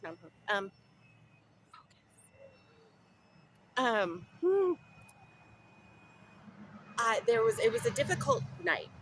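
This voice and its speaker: A woman from Southern California shares a casual spiritual diary, rambling and restarting as she talks. Her voice sits low, with a faint hiss of noise behind it. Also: fairly bright tone, rough recording. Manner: rambling, with many restarts and asides. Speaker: vlogger.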